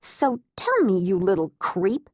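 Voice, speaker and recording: A woman's voice: mid-range voice, wildly swooping pitch, unhurried, darkish tone, dry recording, clean studio sound. A woman voicing a feisty, frightened woman who talks back sharply and defiantly. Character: feisty frightened woman defending her home.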